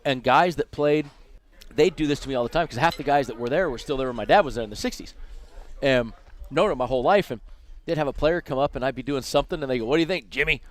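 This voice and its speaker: A man from Las Vegas telling lively anecdotes as a dinner guest, acting out the people he quotes, in a casino restaurant. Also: mid-range voice, fast. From Las Vegas, USA. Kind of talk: casual storytelling over dinner.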